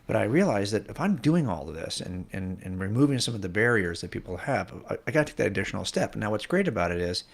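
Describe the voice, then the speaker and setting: A man's voice: lowish voice, sing-song, quick pace, gravelly, few pauses. A man hosting a podcast interview, prompting his guest and reflecting on his own speaking work. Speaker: podcast host. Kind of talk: interview conversation.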